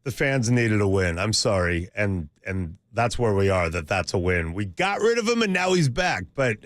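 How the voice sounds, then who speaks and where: A man's voice: lowish voice, very animated, normal speed, no echo, studio quality. A man co-hosting a sports talk radio show, rambling through stories and opinions.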